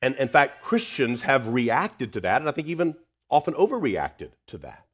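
A man preaching a sermon, swinging between loud emphasis and hushed tenderness. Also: medium pitch, big pitch swings, moderate pace, breathy edge.

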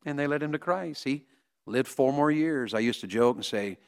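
A man preaching a revival sermon, acting out stories and swinging from soaring to hushed. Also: mid-range voice, moderate pace, vocal fry.

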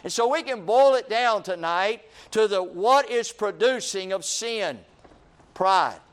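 A man's voice: high voice, measured pace. A man preaching a sermon in a repetitive, rhythmic cadence, calling his listeners friend.

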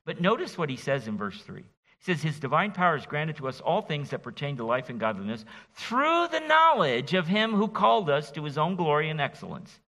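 Animated pastor preaching in a reverberant hall. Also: male voice, a little high, fairly quick. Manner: animated, folksy, jokes with the congregation. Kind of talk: expository sermon. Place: church sanctuary.

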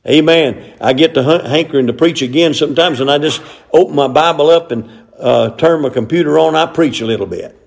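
A man's voice: fairly high pitch, brisk, vocal fry. An older man, preaching a sermon in a folksy way with frequent amens. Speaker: pastor.

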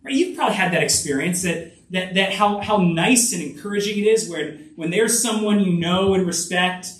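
A man preaching a sermon in an earnest, conversational way, often restarting phrases. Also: normal speed. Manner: earnest, with frequent restarts and lively rises in pitch. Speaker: pastor. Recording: echoey room, voice from a distance.

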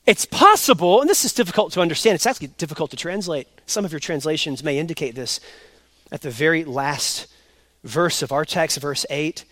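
A pastor delivers an expository sermon, contrasting loud, emphatic stresses with quiet asides and repeating his key points slowly. His voice is a little high and expressive, with no echo.

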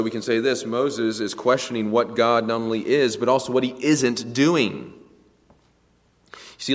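A man preaching a sermon, emphatic, swinging between a hushed voice and a raised one. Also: mid-range voice, big-room sound. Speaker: pastor.

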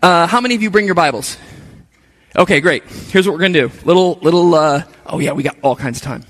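A man's voice: a little high, fast talker, a bit bright, in a large hall. A man preaching a sermon, speaking conversationally and making asides to the congregation. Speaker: pastor.

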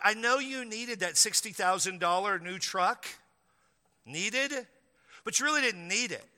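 A man's voice: high voice, normal speed, bright, forceful tone, big-room sound. A man preaching a sermon in a church, acting out the doubts of his listeners in quoted voices. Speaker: pastor.

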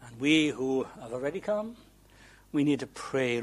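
A man preaching a sermon, earnest and imploring, moving between hushed soft passages and loud, fervent appeals. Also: medium pitch, lively intonation, normal speed.

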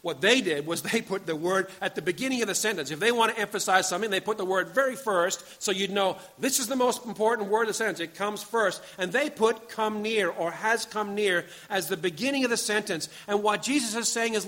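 A man in his forties delivers a sermon in a bright, slightly high voice. He is earnest, urging loudly at times and then falling to a quiet, close storytelling tone. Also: a little fast, few pauses. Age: 40s. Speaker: pastor.

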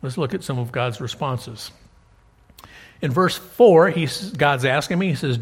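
Husky-voiced man preaching in a reverberant hall. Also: a little high, a little slow. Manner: animated, conversational preaching with rhetorical questions. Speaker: pastor. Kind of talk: sermon.

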